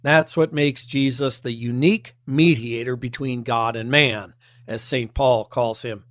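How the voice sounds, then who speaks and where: A man preaching a sermon, measured and emphatic, with pointed rhetorical questions. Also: medium pitch, fairly even intonation, fairly bright tone, no room sound, clean studio sound. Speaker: pastor.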